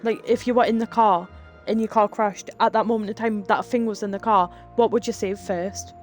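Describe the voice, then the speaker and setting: A woman's voice: mid-range voice, steady tone, fairly quick, faint music behind. A woman, chatting casually with her live chat, laughing often and telling rambling stories. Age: 30s. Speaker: streamer.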